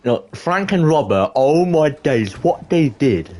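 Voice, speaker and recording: A teenage boy telling a school story to camera in an excitable, rambling way, full of restarts and exclamations. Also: on the high side, slow, slight background noise. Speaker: vlogger.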